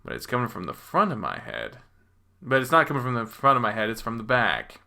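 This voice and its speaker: A man giving a dramatic first-person reading of a visual novel, expressive and profane, moving between hushed and loud. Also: medium pitch, brisk, creaky. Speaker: reader voicing a visual novel.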